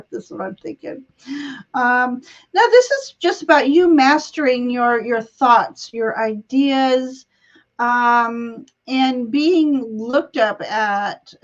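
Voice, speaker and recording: A woman gives a live tarot reading on a stream, speaking slowly in a slightly raised voice. She chats, giggles and wanders from thought to thought. The sound comes through a slightly muffled, lo-fi video call. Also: fairly high pitch. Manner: chatty, giggly, meandering. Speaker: tarot reader and show host.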